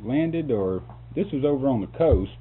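A man's voice: medium pitch, animated, moderate pace. A man telling a long story in a casual, rambling way. He chuckles often and restarts words. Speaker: interviewee telling a work story. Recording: phone-like lo-fi tape with faint hum.

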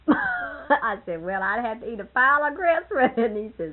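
An older woman with a husky voice, reminiscing casually about family and laughing often as she tells stories. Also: fairly high pitch, wildly swooping pitch, normal speed, narrow, tinny audio. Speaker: storyteller in family history interview.

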